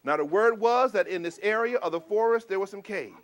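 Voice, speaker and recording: A man telling a folk tale to a live audience as a storyteller, expressive, swinging between booming shouts and hushed asides and asking the listeners questions. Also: brisk.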